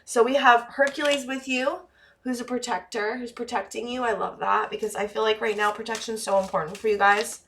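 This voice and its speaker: A woman's voice: fairly high pitch, fairly even intonation, a little fast, slight background noise. Emotional woman giving a tarot reading. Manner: heated and emotional, swearing casually, softening to near-tearful quiet. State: emotional, voice dropping low. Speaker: tarot reader. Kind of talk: pick-a-card tarot reading to camera.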